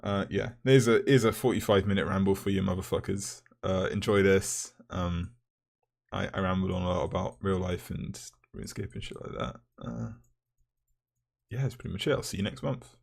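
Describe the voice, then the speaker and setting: A young man, a university student, rambling and ranting in a vlog with lots of swearing and filler words, his voice rough from the morning. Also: sits low, normal speed. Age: young adult.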